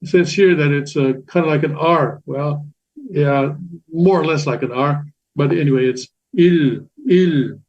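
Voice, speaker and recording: A man's voice: a little high, a little mellow. A man teaching a class, talking patiently with many fillers, restarts and repetitions. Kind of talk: classroom lecture explaining Korean letters. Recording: dull lo-fi sound.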